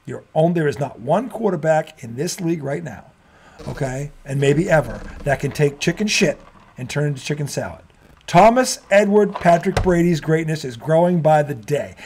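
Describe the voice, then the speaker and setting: A man's voice: a little high, animated, darkish tone, a little hiss or hum. A man hosting a sports talk show, ranting and swearing freely in a casual debate and laughing often. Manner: profane, ranting, quick to laugh.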